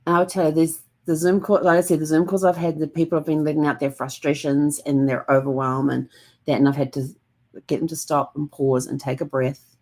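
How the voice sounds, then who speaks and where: A woman with a notably low voice hosts a reflective vlog. She talks gently and calmly, wandering through her thoughts with plenty of ums. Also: fairly quick. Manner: gentle and calm, rambling with many fillers. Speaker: host.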